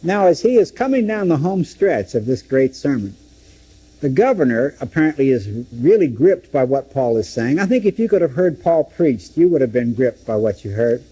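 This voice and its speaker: A man's voice: medium pitch, big pitch swings, normal speed, warm tone, slightly rough, low-quality recording. A man teaching through a Bible book, dramatically acting out the quoted speeches. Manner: dramatic, acts out scripture quotes.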